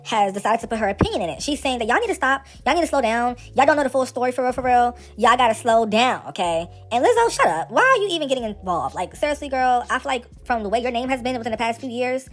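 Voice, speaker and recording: Woman spilling celeb tea, slangy and sassy, talks quick, bouncy lively voice. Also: fairly high pitch. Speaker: celebrity gossip host. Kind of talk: casual gossip commentary.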